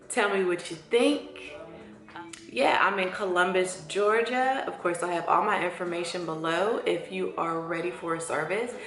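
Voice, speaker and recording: Woman, forties, chatty and excited, low-ish voice, echoey room. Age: 40s. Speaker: esthetician. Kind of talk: casual vlog talk. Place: her empty new salon studio. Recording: echoey room with faint music.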